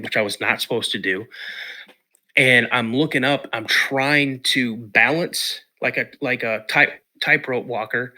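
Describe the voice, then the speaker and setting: A man from the Pacific Northwest of the US, a podcast guest telling a personal story in an emotional, halting way. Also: medium pitch, sharp tone. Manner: emotional, halting retelling with restarts.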